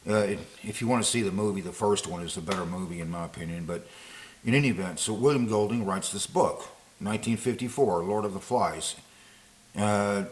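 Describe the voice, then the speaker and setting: A man giving casual spoken commentary to camera, rambling and digressive, with frequent fillers and restarts. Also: lowish voice. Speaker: political commentator.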